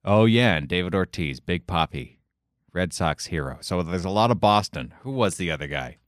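A man's voice: sits low, expressive, moderate pace, no echo. A man hosting a casual chat and asking questions in a dry, teasing way. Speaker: podcast host.

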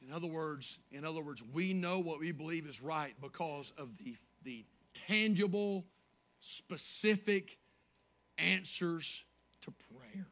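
A man preaching a sermon as pastor, moving from quiet storytelling to shouted praise. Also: on the high side, a little slow.

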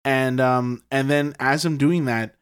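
A young man in casual conversation, telling a long personal story. His speech rambles with constant fillers and frequent swearing, at an ordinary pitch for a man. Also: steady tone, a little slow, clean tone. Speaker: podcast guest telling a ghost story.

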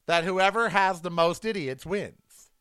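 A man's voice: high voice, measured pace, a bit bright, clear, resonant tone, no echo. A man hosting a comedic rant monologue, sarcastic and mocking as he riffs at length. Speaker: host.

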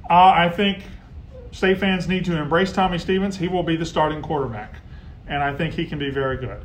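A man hosting a casual live sports talk stream, heckling rivals and getting loud when riled. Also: on the high side, brisk, slight background noise. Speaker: sports show host.

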